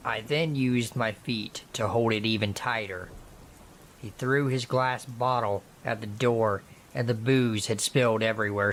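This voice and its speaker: Slow-reading male horror narrator. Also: medium pitch, fairly bright tone, a little hiss or hum. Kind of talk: scripted narration.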